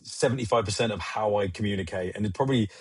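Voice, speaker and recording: Animated husky-voiced man telling stories. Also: fairly low pitch, fast talker, no echo. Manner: animated, swearing storyteller who acts out movie quotes. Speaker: podcast co-host. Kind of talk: casual chat.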